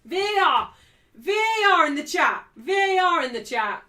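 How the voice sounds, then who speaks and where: A woman hosting a football watchalong stream, calling the play, cheering loudly and joking brashly with her live chat. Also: extremely high pitch, normal speed. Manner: excitable, shouting cheers at big moments. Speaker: livestream host.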